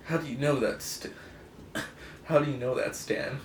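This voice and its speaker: A man's voice: medium pitch, fairly even intonation, a little slow, a little hiss or hum. Sarcastic young man mocking a comic. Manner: sarcastic, mocking, rhetorical questions. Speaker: comic book reviewer. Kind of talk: casual comic commentary. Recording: echoey room.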